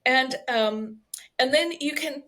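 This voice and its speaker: Woman on a podcast, kinda high voice, animated, keeps saying right?, sometimes goes soft and breathy. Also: slow pace. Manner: expressive, guiding with rhetorical "right?" asides. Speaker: guest, somatic healer and trauma educator. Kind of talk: conversational podcast interview.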